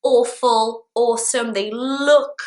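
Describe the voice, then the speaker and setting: A woman teaching English vocabulary to camera in a clear, deliberate way, with playful example sentences. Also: on the high side, fairly even intonation, darkish tone.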